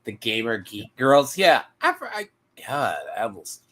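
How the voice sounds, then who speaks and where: A man's voice: mid-range voice, sing-song, measured pace, a bit bright. A man joining a casual stream chat as a guest, hesitant and prone to trailing off.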